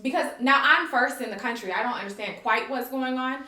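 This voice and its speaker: An American woman telling a story in casual conversation, animated and profane, acting out what people said. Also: sits high, fairly quick, reverberant. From United States. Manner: animated, profane, acts out dialogue. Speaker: guest, longtime expat.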